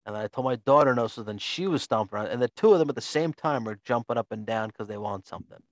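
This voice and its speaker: A mid-pitched man co-hosts a casual podcast chat. He talks in a laid-back, profane way, and his voice sounds dry and close. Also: animated, fast, dry recording. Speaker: podcast co-host.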